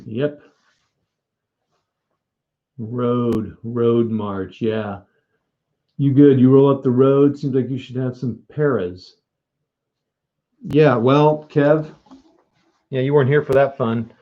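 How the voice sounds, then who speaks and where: A man's voice: medium pitch, fairly even intonation, takes it slowly, long pauses, dull audio. A man streaming a board wargame live, joking, mocking himself and talking to his viewers. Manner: joking, self-mocking, talks to chat. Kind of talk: casual live-stream commentary.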